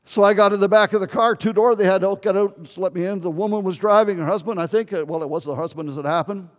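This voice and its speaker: Older male pastor, high voice, earnest storytelling sermon, long hall reverb. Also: quick pace. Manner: storytelling, earnest, pleading with the congregation.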